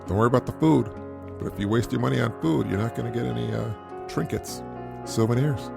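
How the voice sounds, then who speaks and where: A man's voice: medium pitch, fast talker, creaky, music in the background. A middle-aged man hosting a podcast, giving casual parenting advice in an earnest, repetitive way and chuckling at his own points. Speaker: podcast host.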